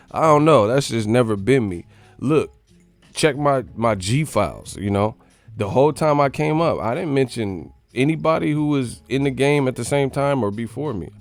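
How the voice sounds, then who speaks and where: A man's voice: medium pitch, vocal fry. A man hosting a boxing channel live stream, ranting in casual, profane, mocking chat.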